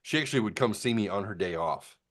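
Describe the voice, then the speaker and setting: Deep guy in his 50s rambling thru a story, lots of restarts, pops into a higher voice for quotes. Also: animated, fast talker, a bit bright. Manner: acts out quoted people in a raised voice. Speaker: host. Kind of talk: casual chat.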